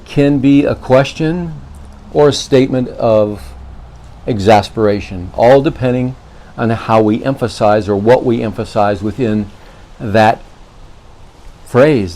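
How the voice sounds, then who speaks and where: Male devotional host, mid-pitched, earnest and unhurried, restarts phrases often. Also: a little mellow, low-quality recording. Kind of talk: spoken devotional.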